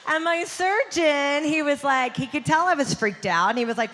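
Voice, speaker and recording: A woman's voice: sits high, normal speed, hardly any pauses, bright, forceful tone. A woman doing a stand-up comedy set, chatty and punchy with the crowd. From Southern United States. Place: theater stage. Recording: long reverb of a performance hall.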